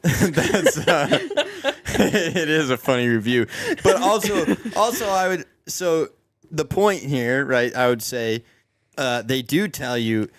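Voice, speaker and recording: A man's voice: fairly high pitch, big pitch swings, slow, no room sound. Rambling, joking male podcast host. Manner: rambling, restarts sentences, joking. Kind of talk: casual chat.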